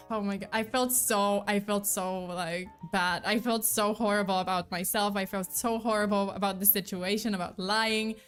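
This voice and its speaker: A woman's voice: medium pitch, a bit bright. A young woman in casual storytelling chat, rambling and self-deprecating as she retells an embarrassing story, speaking from a subway station. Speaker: VTuber streamer.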